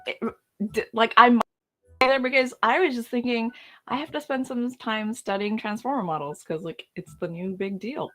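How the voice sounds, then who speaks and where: A woman's voice: a little high, moderate pace, a bit bright. A woman from the United Kingdom who works as a program manager, talking as a guest in a hesitant, self-conscious way. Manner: hesitant, laughs it off. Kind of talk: casual chat, then interview.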